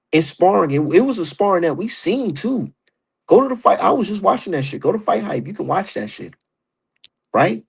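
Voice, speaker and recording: A man's voice: mid-range voice, husky. A man ranting about boxing on his stream, heated, profane and mocking. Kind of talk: opinionated casual rant.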